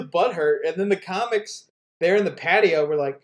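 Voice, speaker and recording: A man's voice: high voice, fairly quick. A man co-hosting a casual comedy podcast, ranting with lots of swearing and frequent laughs. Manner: profane, ranting, laughs often. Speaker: podcast co-host.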